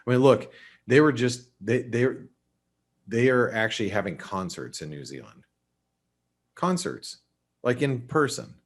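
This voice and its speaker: A man hosting a live trading webinar, talking casually through currency levels and often thinking aloud with quick restarts and asides. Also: on the low side, sing-song. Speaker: forex market analyst.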